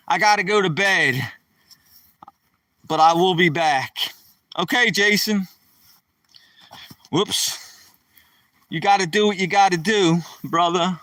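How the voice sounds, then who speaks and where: A man chats with his live-stream viewers as he walks through the woods, rambling through a story. His voice is bright and a touch high, and it sounds dry and a bit distant from the phone mic. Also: no room sound. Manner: rambling, chatty, addresses viewers by name. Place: outdoors walking through woods.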